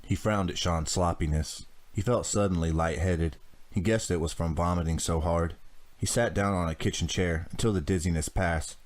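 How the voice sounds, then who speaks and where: Deep-voiced male audiobook narrator. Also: steady tone, moderate pace. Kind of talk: scripted narration.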